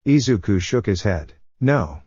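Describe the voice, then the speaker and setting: A low-voiced man narrating a fiction story at a steady pace. The recording is dull and lo-fi, with a dry, close sound. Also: normal speed, dry recording.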